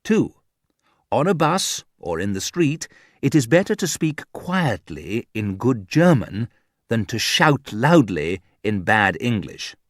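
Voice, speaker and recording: A man reading an audiobook aloud in a slow, deliberate way for English learners. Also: mid-range voice, very animated, no echo, studio quality. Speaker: audiobook narrator. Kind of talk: scripted audiobook narration.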